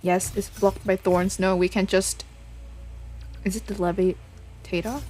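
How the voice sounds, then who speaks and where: A woman's voice: mid-range voice, level tone, unhurried, a little mellow, a little hiss or hum. A woman streamer giving casual, hesitant commentary while playing a game, mumbling with many fillers.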